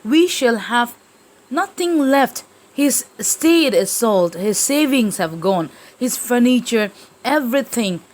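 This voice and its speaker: A woman's voice: a little high, big pitch swings, takes it slowly. A woman voicing a proud, fussy elderly lady who is in despair, reading her lines aloud in a lesson.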